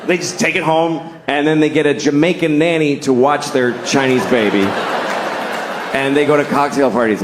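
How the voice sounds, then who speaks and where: A man's voice: fairly high pitch, fairly even intonation, moderate pace, noisy background. A man doing stand-up comedy, telling a wry story.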